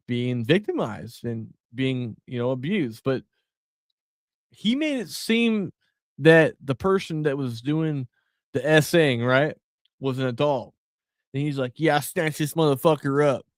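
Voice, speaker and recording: Middle-aged male podcast host, blunt and profane, heated delivery, slightly high voice. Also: no room sound, studio quality. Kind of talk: casual podcast commentary.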